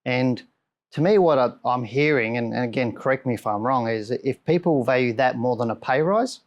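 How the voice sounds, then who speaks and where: A man with an Australian accent hosting an interview, politely checking his understanding and dropping frequent "mm" backchannels. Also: mid-range voice. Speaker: podcast host. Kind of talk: interview conversation.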